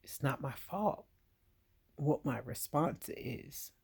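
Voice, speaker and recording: Slow, low-voiced woman giving earnest advice. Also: animated, vocal fry, darkish tone, husky. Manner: direct, emphatic, talks straight to the viewer. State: getting emotional. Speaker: veteran vlogger giving advice.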